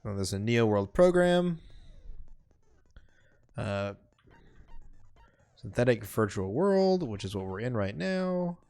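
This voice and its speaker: A man's voice: medium pitch, big pitch swings, slow pace, long pauses, a little mellow, clear, resonant tone. A man streaming a game live, reading the game's text aloud and chatting casually between lines with lots of fillers. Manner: casual, rambling, many fillers.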